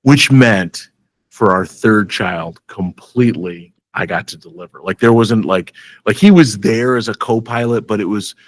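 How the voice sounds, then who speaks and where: A man from Michigan hosting a casual school podcast, telling animated stories and laughing often. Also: on the low side, moderate pace. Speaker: school superintendent and podcast host.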